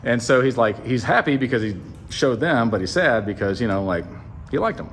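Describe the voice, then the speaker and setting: A man's voice: medium pitch, fairly quick, slight background noise. Joking man retelling an old story. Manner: jokey, animated, asides to the listener. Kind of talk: comic retelling of a Bible story.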